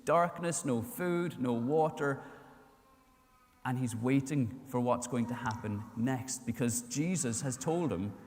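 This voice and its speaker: A man's voice: medium pitch, slow pace, a little mellow. A man preaching a sermon in a church, telling the story and acting out the voices in it. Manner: storytelling, acts out voices in quotes. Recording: long reverb of a church hall.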